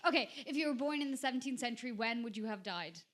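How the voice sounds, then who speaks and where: A woman chats casually as a guest on a live comedy podcast. Her voice is high and bright with a sharp edge. She tells stories in quick, animated bursts. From Ireland (Dublin). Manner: animated storytelling, quick bursts, laughs a lot.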